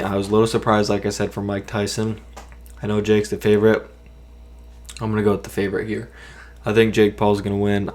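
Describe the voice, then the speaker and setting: A man talking casually to his viewers, giving a boxing prediction in a rambling way and correcting himself often. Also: fairly low pitch. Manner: rambling, self-correcting, hedging opinions. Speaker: boxing commentator.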